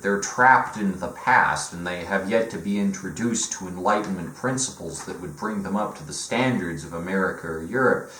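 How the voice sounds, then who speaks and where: Sarcastic low-voiced young man ranting. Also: normal speed, few pauses, fairly bright tone. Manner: profane, sarcastic, jumps into mocking voices. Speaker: video essay host. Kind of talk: sarcastic comedic commentary. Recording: echoey room.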